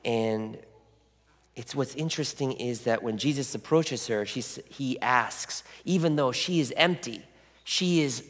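Storytelling male pastor in a reverberant hall. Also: mid-range voice. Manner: reflective storytelling, soft dropped asides. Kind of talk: sermon.

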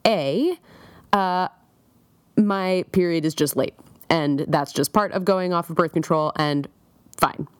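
A woman's voice: lowish voice, slow pace, pauses often, smooth, no room sound. A young woman recording a personal diary, chatty and rambling, with many fillers and wry self-mocking asides. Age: young adult. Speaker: diarist.

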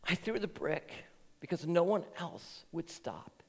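A man voicing a tearful young boy who pleads softly for help, in a reverberant church. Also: fairly high pitch, lively intonation, measured pace, creaky, slightly rough, voice pushed up, heavily acted. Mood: pleading. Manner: soft, pleading, near tears.

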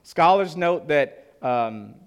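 A male preacher with a somewhat high voice delivers his sermon earnestly, stretching out key lines for weight. He speaks directly to the congregation in a measured pulpit style. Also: expressive, clear, resonant tone. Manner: earnest, slows down to stress lines.

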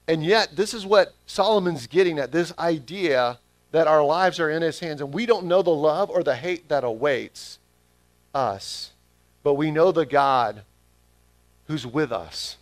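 A man's voice: on the high side, dry recording. A man preaching a sermon, stressing his key phrases by repeating them back to the congregation. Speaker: pastor.

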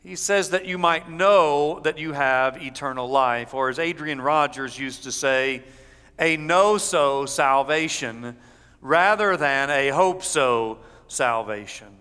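A man preaching a sermon as pastor, measured, going low and soft when he reads scripture. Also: clear, resonant tone. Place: church sanctuary. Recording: church hall reverb.

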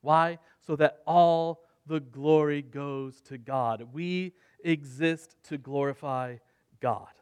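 Earnest male preacher, slightly high voice. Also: takes it slowly, clear, resonant tone. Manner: earnest preaching, swings between soft and emphatic. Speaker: pastor. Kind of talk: sermon.

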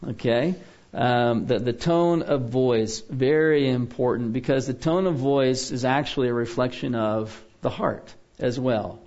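A man teaches a biblical counseling class in a relaxed lecturing style, frequently checking on his listeners with "okay?". His voice is mid-range and unhurried, and the audio sounds dull.

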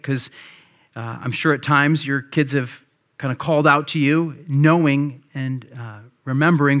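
A man's voice: mid-range voice, a bit bright. Conversational male pastor preaching. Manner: conversational storytelling with many fillers. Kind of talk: sermon.

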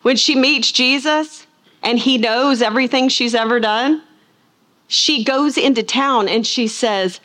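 A woman's voice: on the high side, unhurried. A middle-aged woman teaching a Bible lesson, telling stories and acting out the people she quotes. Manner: animated storytelling, acts out quoted voices. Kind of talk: sermon.

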